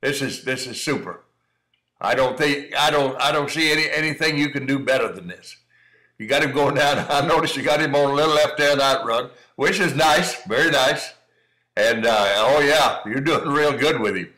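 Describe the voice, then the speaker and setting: Folksy bright-voiced man coaching dog training. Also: mid-range voice, normal speed, rough recording. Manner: folksy, encouraging, calls listener son. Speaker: cowdog breeder commenting on training footage. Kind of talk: casual running commentary over video.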